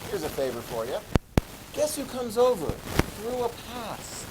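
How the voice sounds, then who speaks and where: A man teaching a history class, animated, asking his students questions and answering them himself. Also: sits high, unhurried, noisy background. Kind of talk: classroom lecture.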